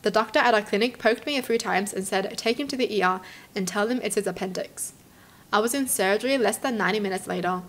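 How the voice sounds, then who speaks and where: A young woman from Australia, hosting and reading stories aloud, then reacting to them with animated exclamations. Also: mid-range voice, quick pace. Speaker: host.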